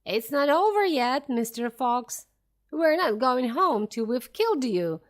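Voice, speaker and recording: A woman voicing a tall, skinny, cruel male farmer who shouts commands. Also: high-pitched, big pitch swings, a little slow.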